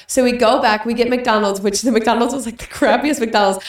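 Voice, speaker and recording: A young woman co-hosting a podcast, telling stories in a chatty, animated way. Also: a little high. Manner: chatty storyteller, quick and animated. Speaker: podcast co-host. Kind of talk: casual chat. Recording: echoey room, distant mic.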